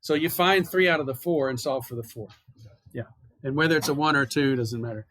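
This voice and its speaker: In this university classroom lecture, a male chemistry instructor explains calculations conversationally, guiding students through each step. He talks fairly quickly in a medium-pitched, slightly bright voice.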